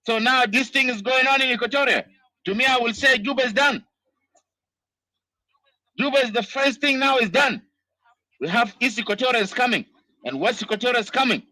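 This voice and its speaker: In a heated political rant, a South Sudanese diaspora commentator scolds his listeners, peppering his words with "you know." His voice is very high and piercingly bright, and the sound carries no room echo at all.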